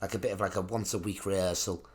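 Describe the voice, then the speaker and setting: A man's voice: deep voice, fairly even intonation, fast talker. Rambling man in his thirties. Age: 30s. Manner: rambling, laughs at his own jokes, many restarts. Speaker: podcast co-host. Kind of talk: casual comedic chat.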